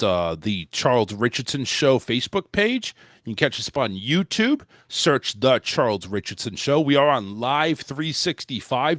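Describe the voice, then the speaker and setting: A man's voice: medium pitch, fairly bright tone, no echo, studio quality. A man hosting a casual talk show, rambling with restarts and the odd curse. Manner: loose, rambling delivery with frequent restarts and mild swearing. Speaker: podcast host. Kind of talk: casual chat.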